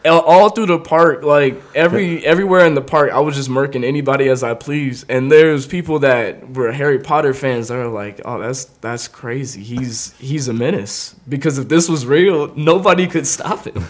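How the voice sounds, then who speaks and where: A young male podcast host tells a wild story with an easy, laughing delivery, his voice a bit high for a man. His casual, comedic storytelling is animated, and he keeps breaking into laughter while acting out quick voices for the people in his tale.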